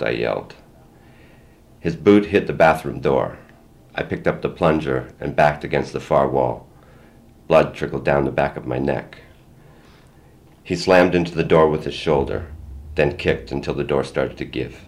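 Older man, first-person story narration, extremely deep voice, plain measured reading. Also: a little mellow. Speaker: memoir reader.

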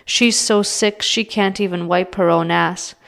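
Exasperated old grandfather ranting in a raised, slowed voice, as a woman puts him on. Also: fairly low pitch, fairly even intonation, creaky. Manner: ranting, shouting.

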